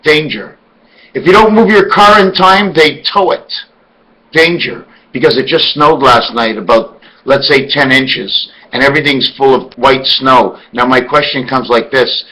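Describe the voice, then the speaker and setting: A man's voice: medium pitch, normal speed, sharp tone, low-quality recording. A man delivering an emphatic, rambling monologue full of rhetorical questions. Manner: spells words out letter by letter. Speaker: video blogger.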